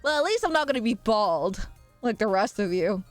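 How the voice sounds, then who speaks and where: A woman's voice: medium pitch, sing-song, normal speed, dry recording, soft background music. A young woman streaming live, chatting casually with viewers and reading their comments aloud, with a playful, teasing manner and frequent laughter.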